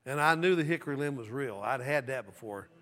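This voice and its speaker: A man's voice: mid-range voice, expressive, a little fast, fairly bright tone. A middle-aged man from the American South preaching a sermon, telling stories and drawing call-and-response from the congregation. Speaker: pastor. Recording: long hall reverb.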